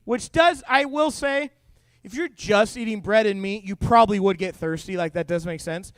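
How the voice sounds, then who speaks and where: A man's voice: high voice, moderate pace, clear, resonant tone, dry recording. A young man giving a jokey youth sermon, telling funny stories to teenagers. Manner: jokey, animated storytelling to teens. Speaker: youth pastor.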